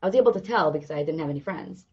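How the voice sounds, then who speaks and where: A woman's voice: sits low, very fast, slightly rough, lo-fi sound. A young woman, a podcast guest, telling stories in conversation and acting out the voices of the people in them. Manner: lively storyteller acting out quoted voices. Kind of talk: storytelling in conversation.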